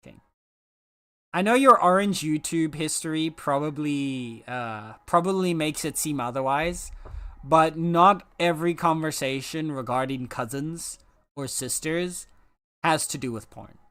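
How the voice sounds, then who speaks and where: A medium-pitched, fairly bright, smooth voice, in no rush. A live streamer chats casually with viewers, playful and teasing, making mock-dramatic complaints to chat.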